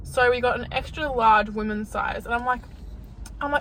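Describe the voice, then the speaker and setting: A woman's voice: a little high, normal speed, a bit bright, a little hiss or hum. A young woman chatting casually and laughing with her partner in a car. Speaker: co-host, girlfriend. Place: inside a car.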